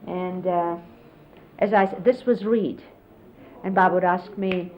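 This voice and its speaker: A woman's voice: on the low side, steady tone, unhurried. A middle-aged woman reminiscing in a casual storytelling way and explaining hand gestures, with frequent fillers, heard on dull 1970s videotape audio with faint hiss. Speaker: disciple recalling a spiritual teacher.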